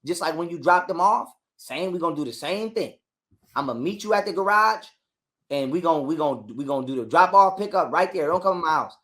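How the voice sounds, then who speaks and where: A man telling a long story in a casual interview, animated and full of cursing and repetition. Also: fairly high pitch, fairly quick. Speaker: guest telling his story.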